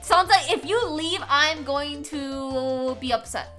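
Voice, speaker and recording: A woman's voice: high voice, takes it slowly, bright, forceful tone, faint music behind. A young woman streaming live, chatting casually and playfully with viewers, teasing, giggling and hamming up mock drama.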